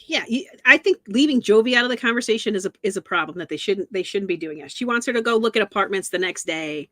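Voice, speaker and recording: A woman co-hosts a casual recap chat in a bright, clear voice, recorded dry and close. She lays out her views in a measured, thoughtful way. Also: mid-range voice, animated, no room sound. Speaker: co-host.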